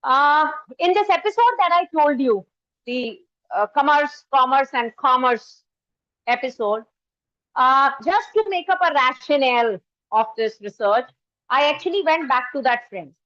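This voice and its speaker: High-voiced Indian English woman lecturing. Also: expressive, unhurried, sharp tone, dry recording. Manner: conversational, anecdotal, switches into Hindi. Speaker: workshop resource person. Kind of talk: lecture to faculty. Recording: dull lo-fi dry sound.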